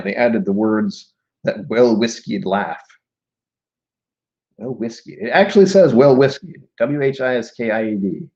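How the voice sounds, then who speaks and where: A man with a fairly low, darkish voice chats casually on a live stream and reads poetry aloud, rambling and muttering asides to himself. The stream audio is dull and lo-fi.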